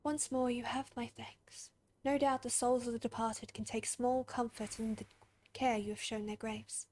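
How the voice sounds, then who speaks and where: A woman voicing a solemn graveyard keeper in a video game, reading in a formal, measured way. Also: fairly high pitch, flat delivery, a little mellow, lightly acted.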